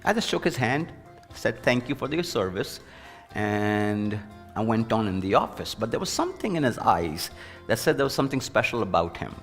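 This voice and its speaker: A man and former university president tells an earnest personal story in an interview, lively whenever he quotes other people. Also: medium pitch, moderate pace, big-room sound, soft background music. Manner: earnest, anecdotal, animated when quoting others.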